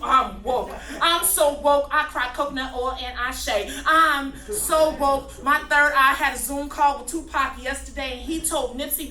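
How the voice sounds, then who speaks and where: A woman performing comic slam poetry in a mock-solemn, deadpan parody voice. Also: high voice. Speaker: spoken word poet. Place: live venue, room with audience. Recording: echoey live room from far off.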